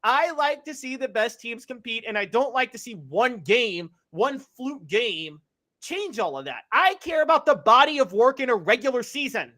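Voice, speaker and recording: A man putting on a whiny, high voice to mimic a sports fan in a podcast chat. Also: expressive, normal speed, pushed and bright, exaggerated voice. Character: whiny mocking everyman sports fan, male adult. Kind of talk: podcast banter.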